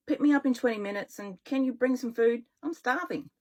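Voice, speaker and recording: A woman's voice: fairly high pitch, fairly quick, darkish tone, voice pushed up, natural voice. A picky, impatient friend who wants food now and only fresh organic food, as a woman reads the part aloud. The tone is whiny and demanding.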